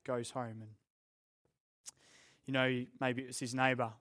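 A man's voice: mid-range voice, little pitch movement, a little slow, a bit bright. A young man with an Australian accent, preaching a sermon to a church congregation in a candid, self-deprecating way. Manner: earnest, candid and self-deprecating, with joking asides. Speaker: pastor. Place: church room with a live congregation.

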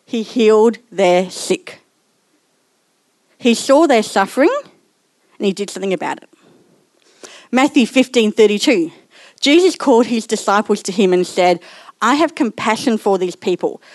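A woman's voice: medium pitch, lively intonation, normal speed, long pauses, darkish tone, no room sound. Chatty woman giving a sermon, dry sound. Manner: personal and chatty, laughing at herself. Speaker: church speaker.

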